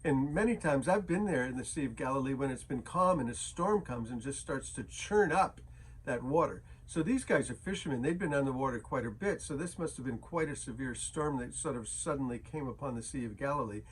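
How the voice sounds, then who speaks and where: A man's voice: medium pitch, lively intonation, a little fast, husky. A man teaching a daily Bible chapter as a pastor, casual and conversational, with frequent fillers and restarts.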